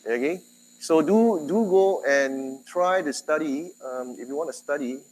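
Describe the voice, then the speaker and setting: A man's voice: a little slow, low-quality recording. Singaporean man lecturing a class. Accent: Singaporean English with a Malay tinge. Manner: conversational, questions students, jumps in loudness and pitch. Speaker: university lecturer.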